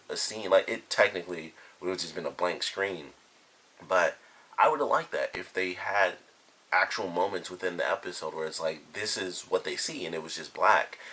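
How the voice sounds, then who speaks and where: A man with a deep, somewhat husky voice talks through a cartoon episode in a relaxed, unscripted review. He retells scenes loosely, circling back on himself and leaning on fillers as he goes. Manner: rambling, filler-heavy retelling. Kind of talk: casual spoken review.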